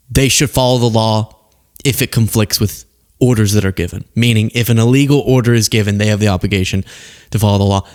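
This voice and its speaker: A man hosting a show of casual political commentary, talking in a sarcastic, emphatic way with quick asides. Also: medium pitch.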